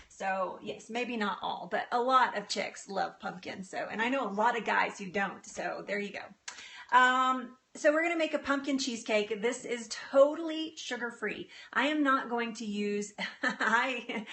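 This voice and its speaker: A woman's voice: mid-range voice, creaky, sharp tone. Bubbly woman hosting a live baking demo. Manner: bubbly and chatty, laughing often and greeting viewers; flustered, with frequent restarts and self-corrections. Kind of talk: casual live cooking demonstration. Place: small home kitchen.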